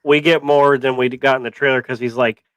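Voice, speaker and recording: A man's voice: medium pitch, fairly even intonation, a little fast, over a noisy crowd, rough recording. A man co-hosting a casual movie review podcast, rambling with wry asides. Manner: rambling, many fillers and restarts, wry. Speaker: podcast co-host.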